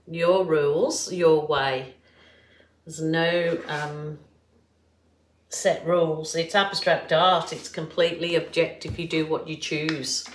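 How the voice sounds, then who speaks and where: A woman's voice: on the low side, roomy sound, a little hiss or hum. A middle-aged woman from England with a Birmingham accent, talking viewers through a painting tutorial in a chatty, rambling way with plenty of fillers. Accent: Birmingham English. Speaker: art tutorial host.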